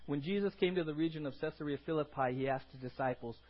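A man with a high voice preaches a sermon as pastor. He is emphatic, repeats his words and climbs to loud cries. The recording sounds dull and lo-fi. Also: fast talker.

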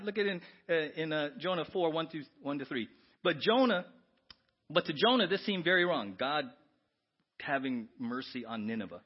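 Animated male preacher, lively pitch. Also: moderate pace, husky, lo-fi sound. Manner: animated preaching, quoting scripture, asking the congregation questions. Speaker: pastor. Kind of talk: sermon.

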